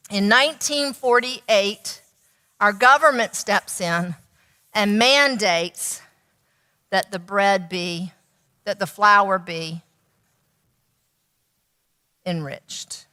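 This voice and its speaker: Bright-voiced woman teaching in a hall. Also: fairly high pitch, clean tone. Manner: animated, rhetorical questions to the audience. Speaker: nutritionist giving a talk. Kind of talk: teaching talk with storytelling.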